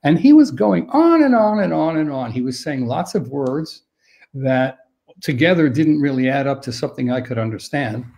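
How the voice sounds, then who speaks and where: A man's voice: mid-range voice, expressive, normal speed, gravelly, mellow. A middle-aged man answering interview questions as an expert, thoughtful and often restarting his sentences. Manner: thoughtful, with frequent restarts and stammered repeats. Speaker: dementia expert guest.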